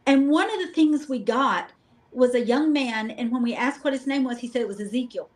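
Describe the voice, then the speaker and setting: A middle-aged woman guest, telling lively, joking stories about a paranormal investigation in a casual chat. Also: sits high, fairly quick, low-quality recording. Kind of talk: casual storytelling.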